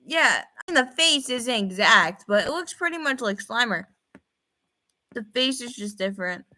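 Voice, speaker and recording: A young woman chatting through a reaction video, thinking aloud and repeating herself when excited. Her voice is bright and swings widely in pitch. She sounds casual and unscripted.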